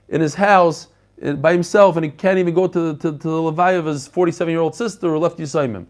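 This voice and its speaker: Brief: middle-aged male rabbi, high voice, animated Talmud lecture peppered with Hebrew terms. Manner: animated, mixes English with Hebrew and Yiddish terms, talks to listeners directly. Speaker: rabbi teaching a daily Talmud page. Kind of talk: lively Talmud class lecture.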